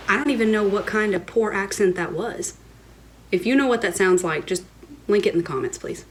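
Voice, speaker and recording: A woman's voice: medium pitch, lively intonation, moderate pace, slight background noise, low-quality recording. A woman giving a cooking tutorial in her home kitchen, with playful, self-mocking asides. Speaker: cooking vlogger.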